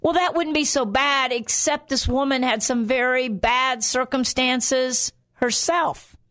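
A woman preaching a sermon in an earnest, steady way. Her voice sits a little higher than most. She repeats phrases for emphasis as she works through her points. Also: slow pace.

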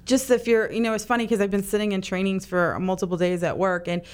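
A woman's voice: mid-range voice, level tone, fast talker, a little mellow, clean tone. A middle-aged woman guest on a radio talk show, explaining earnestly with lots of "you know.". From Italian-American family. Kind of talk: casual radio chat.

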